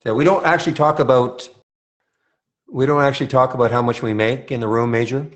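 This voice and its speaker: A man's voice: mid-range voice, fairly even intonation, fairly quick. Chatty man from Montreal answering questions. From Montreal, Canada. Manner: conversational, answers viewer questions with restarts. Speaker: trading room moderator. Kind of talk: live trading room Q&A.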